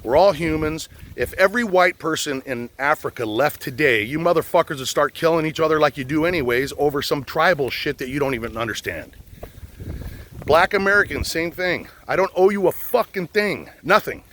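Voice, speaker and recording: A man's voice: a little high, animated, a little fast, a bit bright. An older man, a retired police officer, ranting bluntly and profanely to the camera while out on a boat in a swamp. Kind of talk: outdoor rant.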